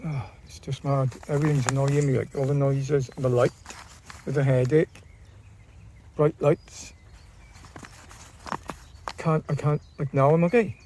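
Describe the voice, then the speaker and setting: A man's voice: medium pitch, steady tone, measured pace, pauses often, a little mellow, a little hiss or hum. A man vlogging in a casual, rambling way, often repeating and restarting his phrases. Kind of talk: casual talk to camera.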